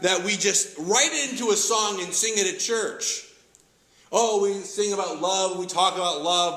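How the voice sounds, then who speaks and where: A man preaching a sermon as pastor, lively and conversational, acting out quoted voices and often restarting his phrases. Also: high-pitched, echoey room, rough recording. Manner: animated, acts out quoted voices, many restarts.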